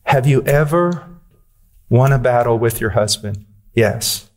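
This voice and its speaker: A man's voice: medium pitch, animated, unhurried. A man preaching a sermon, earnest and direct, pressing his listeners with questions and using blunt, dry humor.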